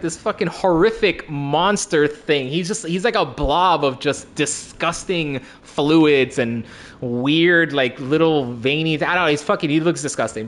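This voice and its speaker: A man's voice: on the high side, fairly bright tone. A young man in casual chat about video games, laid-back, swearing freely and repeating words as he talks.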